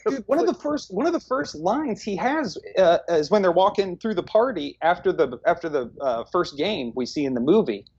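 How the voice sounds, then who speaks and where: A man's voice: sits high, big pitch swings, normal speed, few pauses, darkish tone, breathy edge, lo-fi sound. A man co-hosting a movie review podcast in casual chat, blunt, sarcastic and swearing freely.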